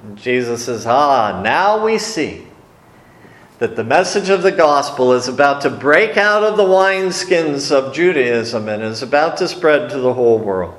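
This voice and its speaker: A man's voice: mid-range voice, animated, unhurried. A man teaching a sermon on scripture in a conversational, folksy way. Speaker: preacher. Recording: echoey room.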